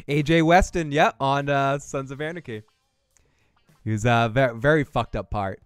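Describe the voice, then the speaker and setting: A man's voice: medium pitch, expressive, slow pace, long pauses, no echo, faint music behind. A man with a Boston accent hosting a casual TV recap show, rambling, joking and swearing freely. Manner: profane, rambling, jokey riffing. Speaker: podcast host recapping a TV episode. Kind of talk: casual review chat.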